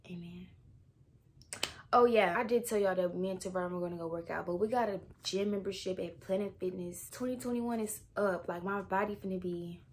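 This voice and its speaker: A woman's voice: medium pitch, slight background noise. A young woman from Texas, chatting casually to camera at home in a vlog. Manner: chatty and animated, drawn-out exclamations; often drops to a soft whisper. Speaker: vlogger. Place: at home indoors.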